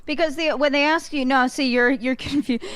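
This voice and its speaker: A woman's voice: high voice, steady tone, moderate pace, fairly bright tone, no room sound. Blunt, profane young woman. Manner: blunt, profane, laughs often. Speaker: podcast guest. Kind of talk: casual podcast chat.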